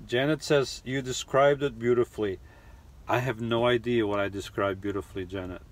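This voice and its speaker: A middle-aged man hosting a casual live chat, rambling and halting with lots of restarts and fillers. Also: medium pitch, steady tone. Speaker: live stream host reading chat. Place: lives in New York.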